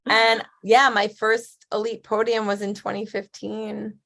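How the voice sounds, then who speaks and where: A woman's voice: medium pitch, little pitch movement, a little slow, creaky, a bit bright. A woman in her thirties, a guest athlete in a casual interview, talking in a chatty way, with lots of "like" and frequent laughs.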